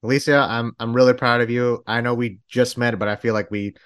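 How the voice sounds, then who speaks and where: A man's voice: medium pitch, little pitch movement, a little fast, a bit bright, clean tone, muffled recording. A man from Texas, hosting a podcast in casual, rambling chat full of restarts. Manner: rambling, many restarts and fillers. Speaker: podcast host.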